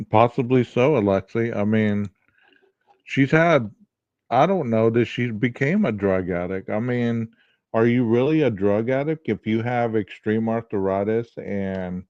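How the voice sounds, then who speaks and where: A podcast host argues a true-crime case in casual talk, firing off plenty of rhetorical questions. His voice is lowish and darkish with a heavy early-morning quality. The recording has no echo and its highs are cut off.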